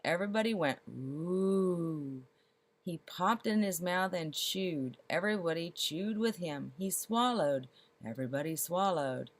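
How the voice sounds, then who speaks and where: Lower-voiced woman reading a storybook. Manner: expressive, slows for comic detail. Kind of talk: storybook read-aloud.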